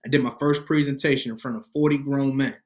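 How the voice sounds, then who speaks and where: A young man from Rhode Island, a podcast guest and motivational speaker, telling a personal story in an animated, emphatic, slangy way. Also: mid-range voice, quick pace.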